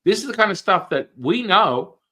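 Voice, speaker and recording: Animated man telling a story. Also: high voice, normal speed. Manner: animated, swears, repeats words and restarts often. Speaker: podcast guest. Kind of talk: casual conversational storytelling.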